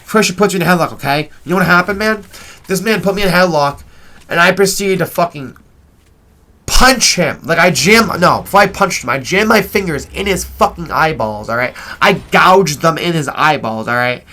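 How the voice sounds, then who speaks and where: A man's voice: on the high side, lively intonation, moderate pace, bright, forceful tone. A man casually telling a long story over gameplay, rambling and swearing, tagging "right?" onto his sentences. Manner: rambling, profane, keeps asking "right?". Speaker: gaming video host.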